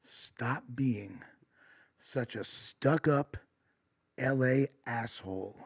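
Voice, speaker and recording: A man's voice: medium pitch, very slow, gravelly, slightly rough, dry recording, pitched below the performer's own voice, full character voice. A man quoting a pushy, drunk man in a crude, insistent way while telling a story. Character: drunk belligerent man demanding a favor.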